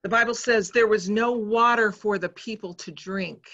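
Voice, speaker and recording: A woman preacher giving a sermon in a church, speaking in a measured, reflective way. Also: medium pitch, a bit bright, muffled recording.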